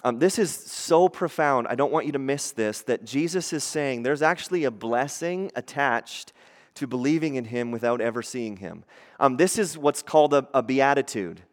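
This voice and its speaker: A man preaching a sermon as pastor, conversational and animated, acting out the voices he quotes. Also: medium pitch, normal speed, long reverb tail.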